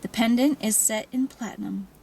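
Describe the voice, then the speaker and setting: A woman's voice: on the high side, a little hiss or hum, close to an everyday voice, poor audio. A woman doing a formal French jeweler. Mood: reverent. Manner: formal, reverent, slow and hushed. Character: older silver-haired male French jeweler, formal. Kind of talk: audiobook character reading.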